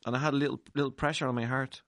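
An Irish man chatting as a guest, telling an animated story and jumping into other people's voices as he goes. His voice sits in an everyday middle pitch. The recording is close and dry, with no room sound. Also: very fast, no echo. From Ireland. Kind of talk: casual chat.

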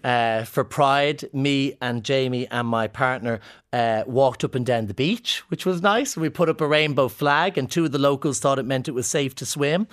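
A man's voice: medium pitch, moderate pace, fairly bright tone. A man with an Irish accent chatting in an interview, telling playful, joking anecdotes as a comedian guest. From Ireland. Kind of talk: casual interview chat.

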